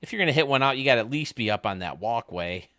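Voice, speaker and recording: A man's voice: medium pitch, animated, fast, pushed and bright, dry recording. A man streaming a baseball game, rambling and joking casually with his chat. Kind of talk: casual chat while playing.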